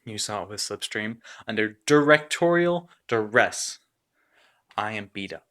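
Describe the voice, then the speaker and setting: A man plays a towering, buff, graying action-hero star giving a self-important monologue. His voice sits low and steady, the talk of a star who thinks he is the hero of the story. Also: measured pace. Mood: boastful.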